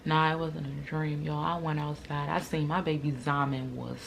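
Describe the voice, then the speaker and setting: A young woman tells a storytime to her viewers in loose, slangy talk, with a fairly low speaking voice. She acts out what other people said with big leaps in pitch and loudness and laughs as she goes. Faint background noise sits under her voice. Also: normal speed, gravelly. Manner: animated, acts out quoted lines with big jumps in pitch and loudness. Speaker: vlogger. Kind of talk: storytime, casual chat to camera.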